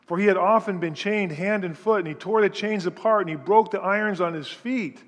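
Man, sermon, slightly high voice, animated storyteller, long hall reverb. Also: brisk. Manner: animated storytelling, reads scripture aloud with frequent restarts. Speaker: preacher.

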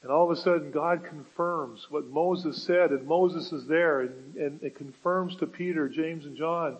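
A man's voice: a little high, measured pace, few pauses, husky, poor audio. A man preaching a sermon as pastor, earnest, repeating words and asking rhetorical questions.

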